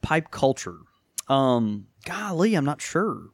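A man's voice: mid-range voice, big pitch swings, takes it slowly, no echo, studio quality. A man co-hosting a podcast from a small pipe shop, chatting in a rambling way with many restarts. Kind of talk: casual chat.

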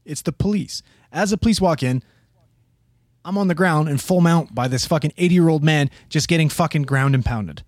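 Profane storytelling paramedic, higher voice. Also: male voice, moderate pace, no echo, clean studio sound. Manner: profane, animated, acts out the people in his story. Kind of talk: casual storytelling on a podcast.

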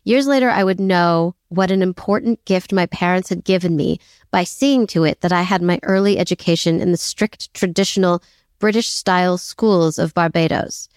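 A woman's voice: on the low side, moderate pace, darkish tone, no room sound, studio quality. Chatty self-deprecating woman podcaster. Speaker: podcast co-host. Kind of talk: casual history podcast chat.

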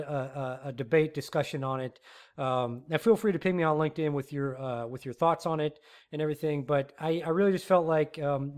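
A man with a somewhat higher voice hosts his own podcast in a solo rant. He talks in an animated, rambling way, circling back with frequent fillers and restarts. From Texas. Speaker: podcast host.

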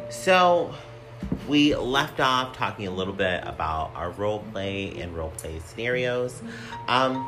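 A man hosting a casual podcast, talking in a sassy, campy and profane way with a somewhat whiny voice. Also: on the low side. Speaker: podcast host.

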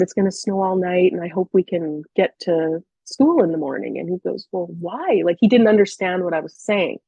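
A woman's voice: fairly low pitch, a little mellow, slightly rough, dry recording. A woman in her thirties, speaking as a podcast guest and telling personal stories in a candid, chatty way with hesitant restarts. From Canada. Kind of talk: casual personal storytelling.

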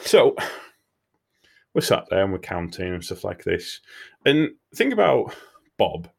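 Animated storyteller, man. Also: deep voice, measured pace, creaky, breathy edge. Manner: animated, swearing, laughing storyteller. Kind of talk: comic storytelling.

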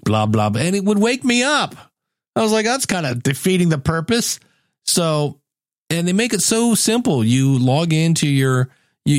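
A man's voice: a little high, dry recording, clean studio sound. A man hosting a casual solo podcast, chatty and self-mocking, often acting out little quoted lines. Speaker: podcast host.

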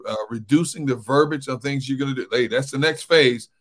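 A man's voice: medium pitch, fairly quick. A man co-hosting a sports talk show, chatting casually and animatedly about football, often tossing in "man". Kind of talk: casual sports radio chat.

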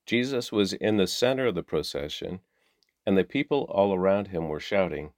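A man reading the daily Bible passages aloud in a measured, steady way. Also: low-pitched, no echo, studio quality. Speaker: Bible reader.

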